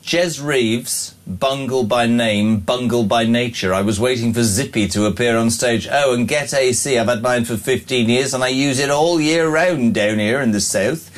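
A man's voice: mid-range voice, normal speed, hardly any pauses. A man hosting a radio breakfast show, reading out listener texts in a jokey, teasing, chatty way.

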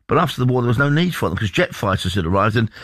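Fast-talking chatty English radio man. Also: medium pitch, very animated, no room sound. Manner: chatty, rambling storyteller, reads news items aloud. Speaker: radio presenter. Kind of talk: casual breakfast radio chat.

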